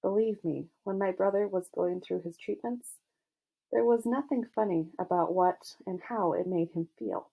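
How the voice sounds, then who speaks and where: Woman reading a gentle teenage football star. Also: lowish voice, moderate pace, vocal fry, slightly rough, narrow, tinny audio. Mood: sincere. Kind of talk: audiobook character voice.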